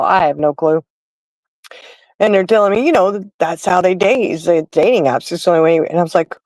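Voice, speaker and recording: Speaking in a low register, this middle-aged livestream host tells stories straight to her audience in a relaxed, chatty way. There's no room sound, and the audio quality is poor.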